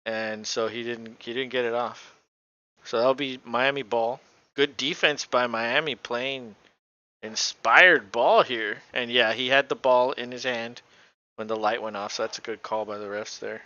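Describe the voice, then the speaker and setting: A man's voice: mid-range voice, fairly even intonation, measured pace, sharp tone. A male podcast co-host doing casual, offhand live play-by-play commentary and swearing now and then, recorded on a dull lo-fi home mic.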